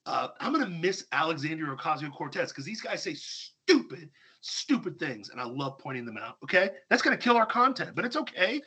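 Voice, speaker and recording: A man's voice: on the high side, sing-song, fairly quick, few pauses, bright, forceful tone, slightly rough. A man hosting a talk show, ranting sarcastically and with heavy emphasis. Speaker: podcast host. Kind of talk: heated opinion talk.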